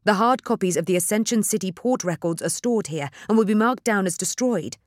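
A man's voice: high voice, brisk, no echo, studio quality, voice pushed up, close to an everyday voice. A woman doing a cautious, deferential male aide.

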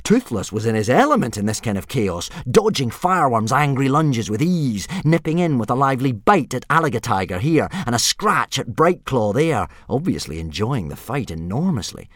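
A man reading a children's adventure story aloud with lively, animated narration. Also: medium pitch, moderate pace, few pauses, no room sound, studio quality. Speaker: audiobook narrator.

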